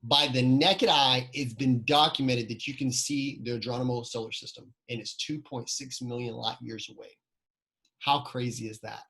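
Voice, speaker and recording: A man's voice: medium pitch, steady tone, normal speed, bright, forceful tone, breathy edge, low-quality recording. A man giving a motivational training talk, telling personal stories, asking the audience questions and repeating key phrases.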